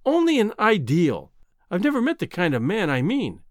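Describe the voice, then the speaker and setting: A man reading a novel aloud, voicing a proud, cool-headed young woman who gently turns down a suitor. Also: high voice, wildly swooping pitch, normal speed, no room sound, studio quality. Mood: teasing. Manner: gently reproving, composed.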